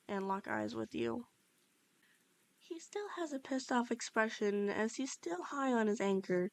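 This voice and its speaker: Woman reading fanfiction, gravelly voice. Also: medium pitch, no room sound. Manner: steady storytelling with small slips and restarts. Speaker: fanfiction reader. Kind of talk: second-person fan-fiction narration.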